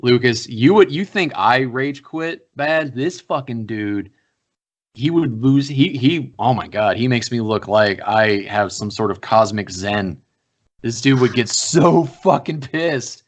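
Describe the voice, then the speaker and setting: A man co-hosting a podcast in casual chat, an animated storyteller who acts out quotes and swears. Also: mid-range voice, measured pace. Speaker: podcast co-host.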